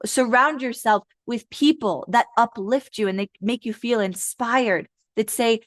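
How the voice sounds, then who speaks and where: A young woman giving a casual live tarot reading, blunt and profane, who breaks into quick high-pitched voices to act out her listeners. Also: no echo, clean studio sound. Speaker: tarot reader.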